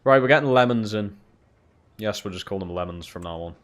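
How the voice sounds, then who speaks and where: A man's voice: lowish voice, fairly quick. A young man live-streaming a football game, swearing freely and chatting back to his viewers. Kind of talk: casual live-stream chat while gaming.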